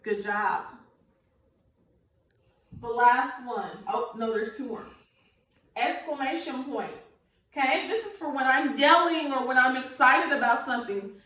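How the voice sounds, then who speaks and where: Heard from a distance in an echoey room, away from the mic, an elementary school teacher leads young kids through a recorded remote grammar lesson. She explains patiently, checking in with "okay" after every point. Her voice sits high with a sharp tone, unhurried, with long pauses.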